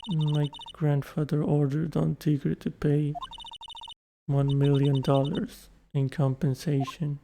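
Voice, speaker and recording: A gamer reading game dialogue aloud as a timid young woman from a crime family, in a slow, quiet, halting way, with game music behind. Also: mid-range voice, level tone, a little hiss or hum. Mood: subdued.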